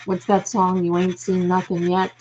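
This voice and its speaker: A woman's voice: lowish voice, completely flat delivery, normal speed, darkish tone, muffled recording, a little hiss or hum. A woman hosting a live stream from home, chatting casually with viewers and calling them darling. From United States. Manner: affectionate, calls viewers darling. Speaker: livestream host. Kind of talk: casual live chat reading comments.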